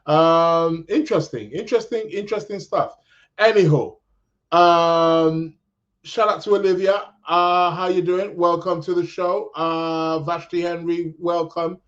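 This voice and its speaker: A British man hosts a podcast as a loose, rambling live chat, reading out viewer comments. His voice sits a little high. The recording sounds dull and lo-fi. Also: unhurried. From England. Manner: rambling, many restarts, chatty. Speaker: podcast host.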